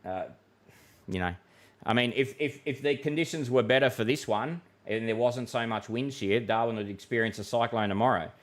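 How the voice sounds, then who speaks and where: A man's voice: medium pitch, normal speed. A man with an Australian accent, hosting a weather livestream in a casual, matey way and reading out viewer comments. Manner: chatty and matey, with many fillers and restarts. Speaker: weather forecaster and livestream host.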